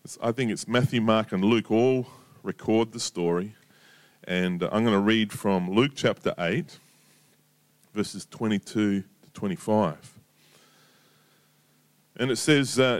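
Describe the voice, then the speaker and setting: A man's voice: fairly low pitch, takes it slowly, long pauses, smooth. A man giving a casual, conversational sermon full of stories and asides. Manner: conversational storytelling, lively, chatty asides. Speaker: preacher.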